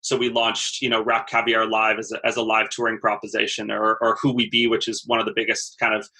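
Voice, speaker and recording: A man's voice: lowish voice, a little fast, husky. A man in his thirties, a podcast guest, talking casually about his work and repeating words as he finds his thoughts. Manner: repeats words as he thinks, steady storytelling. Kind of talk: casual interview talk.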